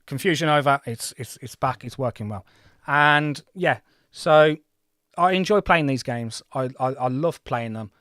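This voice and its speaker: A man's voice: medium pitch, a little slow, a bit bright, no echo, clean studio sound. A man in his forties hosting a gaming livestream, chatting in a rambling, self-deprecating way. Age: 40s. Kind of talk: casual livestream commentary.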